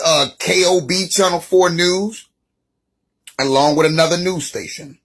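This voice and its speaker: A man giving an excited, joking rant, talking back at a news report. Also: sits high, husky. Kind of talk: casual ranting commentary.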